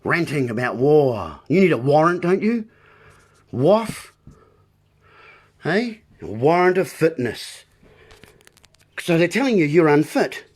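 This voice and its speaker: A man's voice: fairly high pitch, sing-song, a little slow, darkish tone, husky. A man delivering a rambling monologue as host, full of playful wordplay and talking straight to the listeners as folks.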